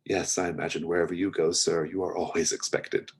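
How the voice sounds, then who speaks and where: A man's voice: low voice, flat delivery, a little fast, husky. Man doing a fawning young doorman.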